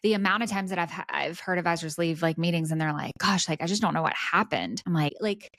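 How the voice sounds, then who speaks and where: A woman host with a notably low voice answers her guest in an easy, chatty way, full of affirmations and casual fillers. The recording is dry and close, with no room around her. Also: fast, a bit bright, no echo. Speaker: podcast host. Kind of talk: conversational interview reply.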